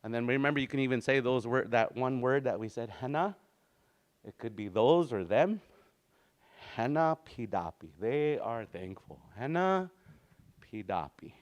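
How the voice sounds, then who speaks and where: A man's voice: mid-range voice, moderate pace. A man teaching a small language class in a classroom, talking loosely and chuckling, singing out words as he explains them. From Canada.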